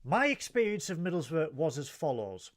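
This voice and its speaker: Mock-grand host. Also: male voice, a little high, a bit bright. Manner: mock-grand, teasing, rapid comic rants. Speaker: podcast host. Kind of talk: comedic review show chat.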